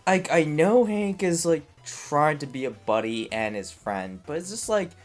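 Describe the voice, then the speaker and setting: Very low-voiced woman in casual chat. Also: lively intonation, measured pace, faint music behind. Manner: laid-back, says "like" often. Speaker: podcast co-host.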